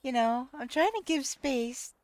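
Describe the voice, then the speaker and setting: A woman's voice: high-pitched, animated, measured pace, darkish tone, a little hiss or hum. A woman streaming a video game live, chatting casually, laughing often and exclaiming in disbelief. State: laughing to tears. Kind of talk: casual live-stream chat while playing.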